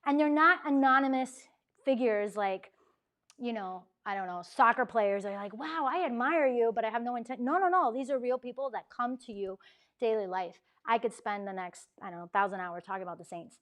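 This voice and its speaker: A woman speaks to a university ministry gathering, her voice sitting a little high. She tells her story with energy, acting out each voice she quotes and scattering "like" through her sentences. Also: fairly quick. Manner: animated, acts out quoted dialogue, frequent "like" fillers. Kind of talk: lively storytelling talk. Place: university talk room.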